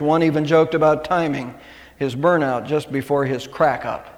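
A man's voice: on the high side, moderate pace, in a large hall. A middle-aged male pastor preaching a sermon in a conversational way, with asides and restarts.

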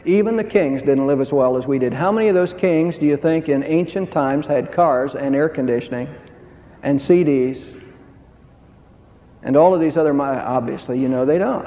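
Male pastor, emphatic preacher, higher-pitched voice, lo-fi recording in a big echoing church. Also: moderate pace. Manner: emphatic preaching, rising pitch on key phrases. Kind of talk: sermon. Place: church sanctuary. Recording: dull sound with long hall reverb.

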